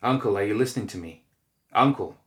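A man's voice: lowish voice, brisk, a bit bright, natural voice. A man voicing a fearful young ally who stutters anxiously, recorded in an echoey room.

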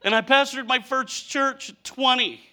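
A man in his fifties, a pastor preaching a humorous sermon with animated, mock-whining storytelling and folksy speech. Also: extremely high pitch, normal speed. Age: 50s.

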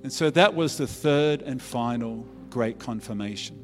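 A man's voice: mid-range voice, a little slow. A middle-aged Australian man, a pastor giving an earnest sermon testimony in a conversational storytelling way, often restarting his phrases. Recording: echoey church hall with faint music.

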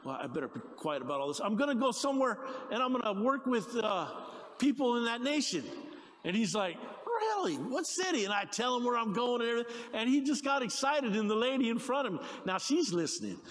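A middle-aged man preaches in a church sanctuary, his voice high and swinging wide as he gets excited. He tells stories with eager restarts, and his words ring out with a long reverb through the hall. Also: fairly quick. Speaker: pastor. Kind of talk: sermon with storytelling.

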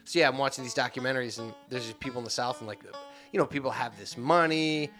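A man's voice: mid-range voice, quick pace, a bit bright, soft background music. Rambling, mumbling male podcast co-host. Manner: rambling, lots of fillers and restarts, drifts into a mumble. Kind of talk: casual chat.

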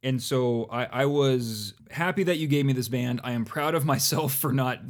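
A man's voice: medium pitch, moderate pace. Rambling, self-deprecating podcast co-host man. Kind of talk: casual chat.

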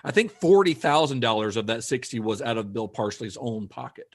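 A male podcast co-host in a casual chat. He retells history steadily, slipping in dry asides. His voice sits at an ordinary middle pitch. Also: expressive, fairly quick, husky.

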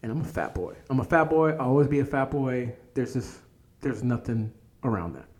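A man's voice: medium pitch, animated, brisk, darkish tone, slight background noise. A man as a podcast guest, telling stories of his life in a laid-back, casual way, swearing freely and laughing at himself. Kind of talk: casual storytelling interview.

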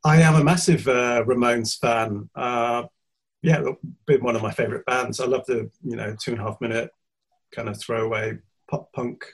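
Man as a relaxed musician guest, husky tone, mid-pitched, talks over a video link. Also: moderate pace. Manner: easygoing, laughs often. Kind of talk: casual interview chat. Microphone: video call.

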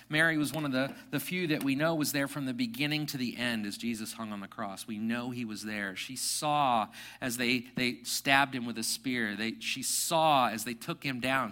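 A middle-aged male pastor preaching a sermon, alternating emphatic rising bursts with hushed, reflective passages. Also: medium pitch. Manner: drops to soft, hushed reflection.

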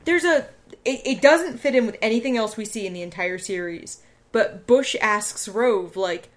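A woman's voice: fairly high pitch, normal speed. A woman casually discussing a TV episode with her co-host, filling in plot details. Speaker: podcast co-host. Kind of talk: casual chat recapping a TV show.

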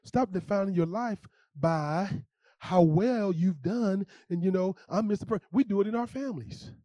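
A male pastor preaching a sermon in a lively, conversational way, repeating phrases and talking straight to the congregation. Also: sits high, normal speed, dry recording. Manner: animated, conversational preaching with repetitions.

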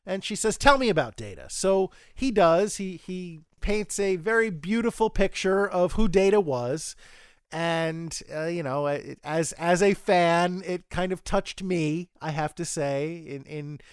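A man's voice: high-pitched, slow pace, smooth, no room sound, studio quality. A man hosting a podcast, recapping an episode casually and chattily, quoting characters as he goes and often restarting his phrases. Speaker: podcast host.

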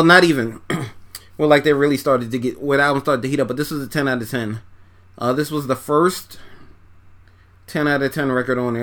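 A man talks through an album one song at a time, handing out scores in a relaxed, rambling way. His speech is loose and profane and full of fillers and restarts. He sounds like he is folding laundry as he goes. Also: medium pitch. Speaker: music reviewer. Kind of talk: casual track-by-track album review.

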